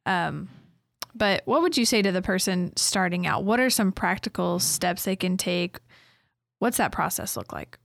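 A woman host asking thoughtful, measured interview questions. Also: lowish voice, expressive, gravelly, dry recording, studio quality. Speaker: podcast host.

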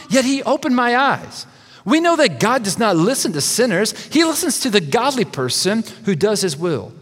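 A pastor preaching a sermon, reading scripture expressively and voicing the quoted speakers. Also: male voice, high voice, fairly bright tone, long reverb tail.

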